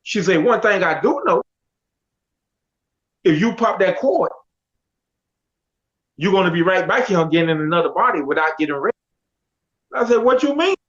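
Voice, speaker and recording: A middle-aged man telling his life story in a casual, animated way, acting out what others said. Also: sits high, quick pace. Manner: animated, quotes others in dialogue. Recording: dull lo-fi audio.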